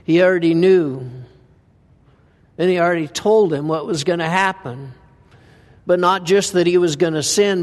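A man's voice: fairly high pitch, a little mellow. A man preaching a conversational sermon in a church, reading scripture and asking the listeners frequent rhetorical questions. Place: church sanctuary. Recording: reverberant hall sound.

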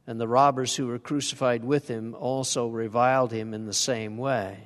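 A man's voice: medium pitch, steady tone, normal speed, few pauses, in a large hall. A man preaching a sermon in a conversational way, asking his congregation questions as he goes. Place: church sanctuary.

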